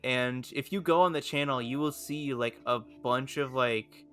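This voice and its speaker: A man's voice: mid-range voice, a little slow, a bit bright, clear, resonant tone. Rambling young man on a podcast. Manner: rambling, many restarts and fillers. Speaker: podcast co-host. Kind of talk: casual podcast chat.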